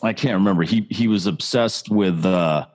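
A man's voice: sits low, moderate pace, darkish tone. A man co-hosting a casual podcast, joking and teasing, wandering off topic. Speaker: podcast co-host. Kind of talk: casual chat.

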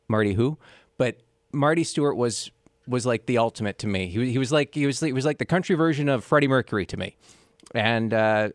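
A man's voice: mid-range voice, dry recording, studio quality. A man co-hosting a radio show, telling stories eagerly with lots of hesitant fillers. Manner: eager storyteller, many fillers. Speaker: radio co-host. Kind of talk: casual radio chat.

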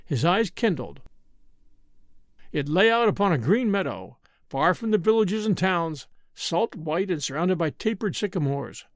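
A man narrating a story as an expressive audiobook reading. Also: high-pitched, measured pace, no room sound, studio quality.

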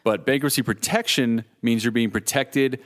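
A man's voice: mid-range voice, normal speed. A man hosting a podcast in casual chat, rambling and laid-back, joking at his own expense. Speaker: podcast host.

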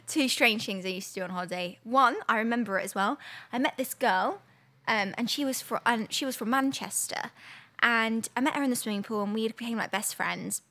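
A woman's voice: on the high side, normal speed, sharp tone. A young woman co-hosting a podcast, telling holiday stories in a chatty, giggly way full of "like". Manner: chatty, giggly storytelling with lots of "like". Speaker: podcast co-host. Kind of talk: casual chat.

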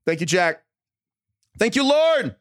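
A man hosting a podcast in casual chat, playful and quick to laugh. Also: high-pitched, big pitch swings, dry recording, clean studio sound. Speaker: podcast host.

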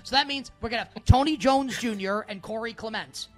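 With faint music behind him, a man running a sports betting radio show talks a little fast in a very high-pitched, fairly bright voice. He rambles loosely, dropping "like" constantly, and jokingly styles himself with a mock-royal title.

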